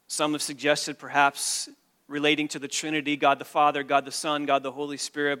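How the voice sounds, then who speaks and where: A man preaching a sermon, emphatic, with loud stressed points and hushed, quiet lines. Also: a little high.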